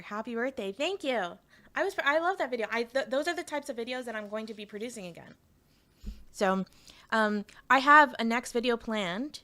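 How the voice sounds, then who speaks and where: A woman's voice: on the high side, lively intonation, normal speed, pushed and bright. Rambling, giggly woman streamer. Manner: rambling, giggly, lots of fillers. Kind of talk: casual live-stream chat.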